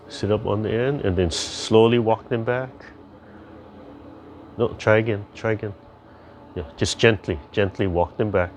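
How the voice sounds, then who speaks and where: An older man leading a tai chi class over a video call, chatty and gentle as he rambles through stories and calm instructions. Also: fairly low pitch, slight background noise.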